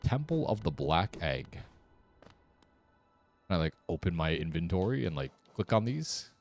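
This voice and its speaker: A man with a deep voice talks through a game in a casual, wry way, muttering sarcastic asides. His pitch swings about as he reacts. Faint game music plays behind him. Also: sing-song, measured pace. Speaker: streamer. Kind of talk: casual gameplay commentary.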